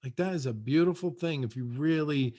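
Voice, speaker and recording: A man with a fairly high voice delivers a motivational seminar talk from his own house over a video call. He drives his points home with short, repeated phrases and keeps urging his listeners on. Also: brisk, warm tone. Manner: punchy, repetitive, exhorting. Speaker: guest speaker and real estate coach.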